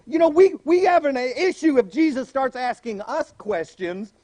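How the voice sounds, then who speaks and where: A man pastor preaching a sermon, animated, acting out voices in the story he tells. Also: extremely high pitch, normal speed, hardly any pauses, dry recording.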